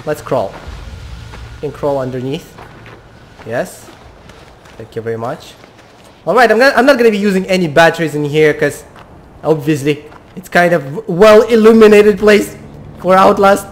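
A man's voice: on the high side, expressive, normal speed, long pauses. A young man playing a horror game, talking to himself and his viewers, jumpy and swearing. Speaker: gamer.

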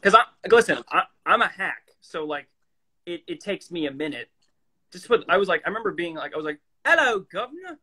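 A man's voice: a little high, bright, forceful tone, slightly rough. A man, an actor, in casual chat on a live stream from his phone, laid-back and full of fillers. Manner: laid-back, fast talking with many fillers, does joking voices.

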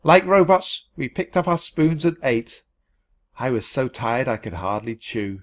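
A man reading a children's storybook aloud for learners, in an expressive, animated way. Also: medium pitch, measured pace. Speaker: storybook reader.

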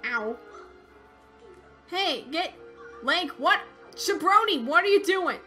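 A high, bouncy young woman's voice swooping all over as she talks through a video game. She speaks slowly and brightly, quick to squeal and laugh, with faint game music underneath. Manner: excitable, frightened squeals and laughs. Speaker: let's play gamer. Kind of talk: casual gameplay commentary.

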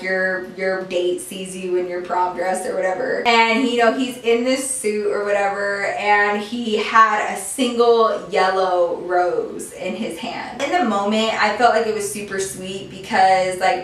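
A young woman telling a story in casual chat, animated and peppered with "like". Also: medium pitch, unhurried, hardly any pauses. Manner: chatty, animated, heavy use of "like". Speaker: beauty vlogger telling a story. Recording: echoey room, mic far off.

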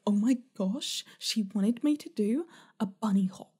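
A woman voicing a sulky young female fashion model with a put-on Australian accent and whiny, drawn-out groans. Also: mid-range voice, warm tone, lightly acted.

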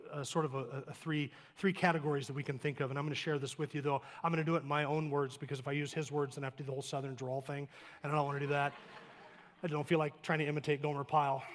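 Emphatic male pastor preaching fast. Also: a little high, long reverb tail. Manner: emphatic, building lists of short clauses; plain conversational asides with light humor. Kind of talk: sermon. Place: church sanctuary.

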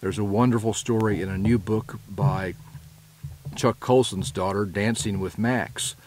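Low-voiced man giving an earnest lecture. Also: steady tone, a little mellow, a little hiss or hum. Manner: earnest and measured, with occasional self-corrections. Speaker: presenter. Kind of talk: prepared lecture.

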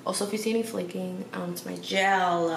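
Lowish and steady with vocal fry, this woman talks a little fast in a home vlog aimed at her viewers. The chat is casual, with sass and slang. It's noisy and echoey, and she sits far from the mic.

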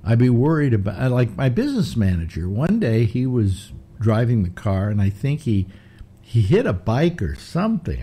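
A man's voice: medium pitch, warm tone, breathy edge. An older man hosting a casual chat, rambling through stories with many restarts. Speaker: host.

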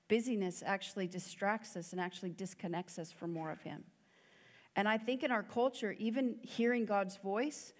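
A woman giving a sermon as a guest preacher, in an earnest, conversational way with many fillers. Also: mid-range voice. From United States. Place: church hall. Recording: long church hall reverb.

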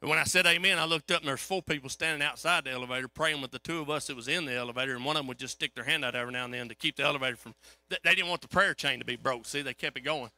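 A man preaching a sermon, telling a story in a folksy, animated way. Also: mid-range voice, very fast, dry recording. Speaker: pastor.

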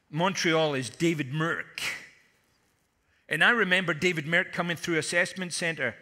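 A man's voice: fairly high pitch, pushed and bright. A man preaching a conference sermon with humorous stories and punchy asides. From Scotland. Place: large conference hall. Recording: long hall reverb.

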